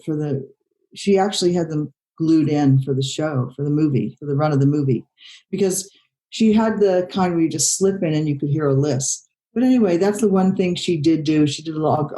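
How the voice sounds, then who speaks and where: Low, mellow-voiced older woman director. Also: rough recording. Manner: rambling, many "you know" fillers and restarts. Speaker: film director, interview guest. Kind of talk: conversational interview.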